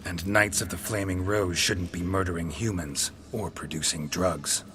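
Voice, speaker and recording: A man's voice: sits low, steady tone, normal speed, noisy background, natural voice. An actor playing a sardonic male monster hunter in a video game, clipped and dry. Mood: wry.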